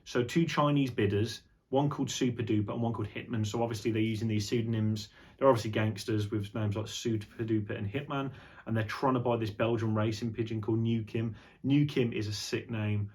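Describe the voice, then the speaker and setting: A man's voice: lowish voice, fairly even intonation, a little fast, a little mellow. A young man chatting casually on an unscripted vlog, rambling and jokey, with some swearing. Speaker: vlogger.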